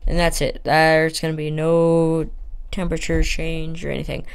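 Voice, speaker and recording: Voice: mid-range voice, level tone, normal speed, gravelly, clean tone, no room sound. A gamer giving casual, rambling commentary while building in a block game, with lots of fillers and self-talk. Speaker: Minecraft let's player.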